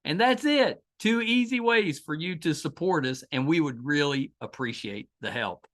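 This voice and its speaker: Upbeat West Virginian podcast host. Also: male voice, a little high, animated, moderate pace, fairly bright tone. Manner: enthusiastic, friendly. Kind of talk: casual interview.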